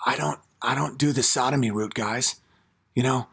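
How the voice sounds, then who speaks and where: A man's voice: medium pitch, normal speed, gravelly, fairly bright tone, slightly rough. A man hosting an online comedy rant, crude and mocking.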